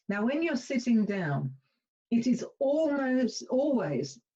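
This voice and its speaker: A woman from the UK presenting a webinar on voice and speaking, with an animated, rising and falling delivery over a video call. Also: highs cut off. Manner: lively, animated, talks up and down in pitch.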